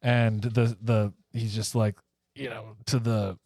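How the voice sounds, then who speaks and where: A man co-hosting a podcast, telling a comedy pitch in a rambling way, full of fillers. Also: little pitch movement, takes it slowly, gravelly, darkish tone, dry recording. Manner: rambling, filler-heavy storytelling. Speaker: podcast co-host. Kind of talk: casual comedic chat.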